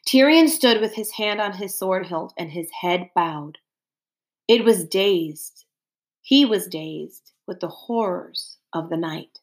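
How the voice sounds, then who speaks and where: A woman narrating a storybook aloud in an expressive, dramatic way. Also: fairly low pitch, slow pace, low-quality recording.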